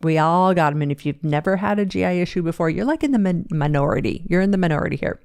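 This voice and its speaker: A woman's voice: fairly low pitch, lively intonation, fast, vocal fry, a little mellow, smooth, dry recording, studio quality. A woman hosting a podcast and talking frankly from her chair into a microphone, joking often and stumbling through many fillers and restarts. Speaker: podcast host and fitness coach. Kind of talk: candid personal podcast monologue. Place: seated at a home podcast desk. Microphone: studio microphone, seated.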